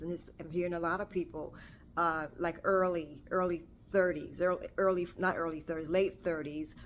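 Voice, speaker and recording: Host, woman, 40s, low-pitched, chatty solo vlog, meandering and self-correcting, faint room noise. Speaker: podcast host. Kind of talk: casual solo talk to camera. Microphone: camera or phone on self.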